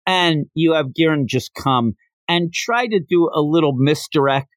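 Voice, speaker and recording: A man's voice: on the high side, lively intonation, unhurried, no echo. A man hosting a podcast, casually retelling a manga chapter in a chatty storytelling way, acting out quotes. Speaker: podcast host.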